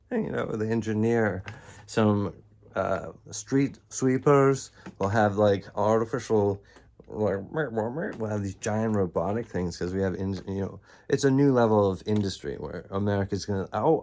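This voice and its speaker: Talking alone to his viewers, a man delivers a loose, disjointed monologue full of fillers and bursts of laughter. His voice is fairly low-pitched and a little mellow.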